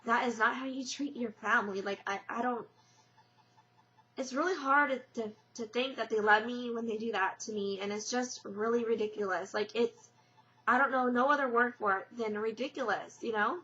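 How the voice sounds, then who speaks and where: A woman's voice: on the high side, moderate pace, pushed and bright. A young woman vlogging casually, telling a story in a rambling way with many fillers and restarts. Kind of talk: casual personal vlog. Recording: lo-fi dull webcam audio.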